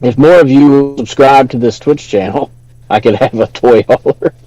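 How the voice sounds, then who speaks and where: A man's voice: mid-range voice, normal speed, dark tone, muffled recording. A man from Louisiana with a Louisiana accent, co-hosting a podcast in casual chat, laid-back and swearing freely. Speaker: podcast co-host.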